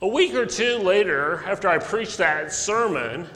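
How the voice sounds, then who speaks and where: A male pastor preaching a sermon, telling stories earnestly, with sudden loud emphasis and soft drops. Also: high-pitched, expressive, unhurried. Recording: long echo of a large hall.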